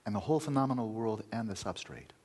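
Low husky male meditation teacher. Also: lively intonation, fast, a little mellow. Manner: emphatic, repeating key words, dropping to near-whispers. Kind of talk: dharma talk.

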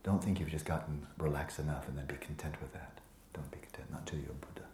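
A man teaching meditation to a retreat group, relaxed and playful, often sinking into a soft whisper and teasing students by name. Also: rumbling low, quick pace, slight background noise. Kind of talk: dharma talk to a retreat group. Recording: echoey room with faint ambience.

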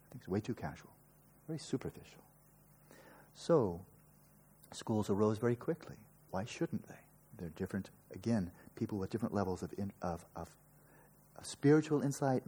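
A meditation teacher lecturing at a retreat, a man with a mellow, warm voice that carries a husky edge. He argues his points emphatically and slips in dry, sarcastic asides. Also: on the low side. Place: retreat session.

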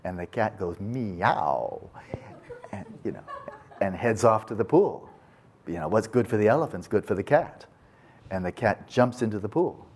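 A male meditation teacher giving a dharma talk at a retreat, telling a parable in a folksy, animated way with casual asides. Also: fairly low pitch, normal speed, breathy edge.

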